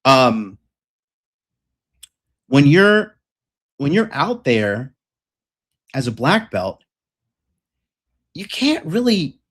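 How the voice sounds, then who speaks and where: A man's voice: on the high side, sing-song, very slow, pauses often, a bit bright. A man coaching on dating and success in a ranting monologue, profane, boastful and combative.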